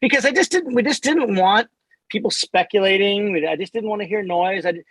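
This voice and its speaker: A man, a band's bassist, recalling past recording work in a relaxed podcast interview. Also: fairly quick, husky, no room sound, low-quality recording. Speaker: band bassist.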